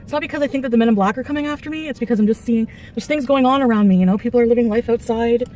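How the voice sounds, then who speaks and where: A woman's voice: fairly high pitch, very fast, darkish tone, a little hiss or hum. Chatty woman vlogging from her car. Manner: chatty, laughing often, eating between sentences. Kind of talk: casual storytime and car mukbang. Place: parked car.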